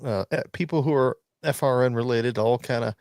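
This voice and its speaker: Male co-host, mid pitch, dry sound, swears a lot, teasing banter. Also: fairly quick, vocal fry, a little mellow, no echo. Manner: profane, teasing. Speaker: podcast co-host. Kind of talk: casual banter.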